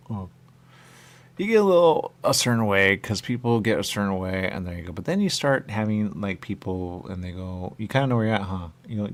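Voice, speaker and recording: A man's voice: deep voice, gravelly. A man hosting a radio talk show in a meandering, repetitive, stream-of-consciousness monologue. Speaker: radio host. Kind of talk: rambling monologue.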